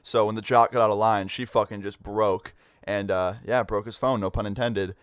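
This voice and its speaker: A man's voice: lowish voice, steady tone, normal speed, clear, resonant tone, dry recording, studio quality. A young man vlogger telling a casual story, full of swearing and "like". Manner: casual, swears a lot, lots of "like".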